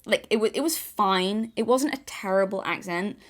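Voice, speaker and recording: A woman's voice: mid-range voice, normal speed, slight background noise. A woman from Yorkshire with a mild English accent, giving an opinionated video essay in a blunt style with casual asides. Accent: mild English, no strong Yorkshire accent. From Yorkshire, England. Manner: opinionated, blunt, sometimes swears.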